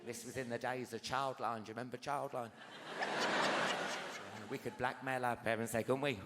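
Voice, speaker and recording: A man's voice: medium pitch, flat delivery, normal speed, very noisy. A man in his forties performing a stand-up comedy routine, telling stories animatedly and confidingly, with frequent tag questions to the audience. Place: large theatre stage. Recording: live theatre, roomy with loud audience. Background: loud audience laughter.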